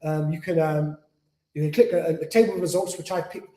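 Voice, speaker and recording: The man teaching this lecture at an Islamic centre has a mellow voice on the high side, fairly even intonation and a fairly quick pace. He is earnest and repetitive, acting out what patients say, with a roomy echo in the recording.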